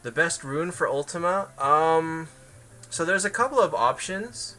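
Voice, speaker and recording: A man's voice: a little high, expressive, a little slow, pushed and bright. A man streaming a game and answering viewers in casual, hesitant chat full of fillers, with faint music behind.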